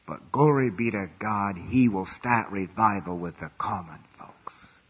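A male preacher delivering a revival sermon, swinging from hushed, quiet lines to loud, fervent outbursts. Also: on the low side, measured pace, a little hiss or hum. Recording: dull lo-fi recording.

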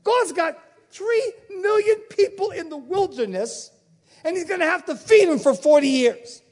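A man preaching a sermon, firing off rhetorical questions and swinging between loud exclamations and quiet asides. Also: very high voice, animated. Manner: rapid-fire rhetorical questions.

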